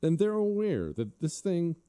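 Dark-voiced combative male talk host. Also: a little high, big pitch swings, a little slow, smooth. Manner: combative, sarcastic, emphatic. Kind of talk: opinionated talk show monologue.

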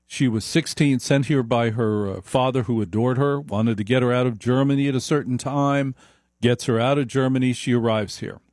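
A man's voice: medium pitch, darkish tone, no echo. Emphatic man telling a story, dry sound. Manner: emphatic, repeats points for stress. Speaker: speaker. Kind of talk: opinionated storytelling monologue.

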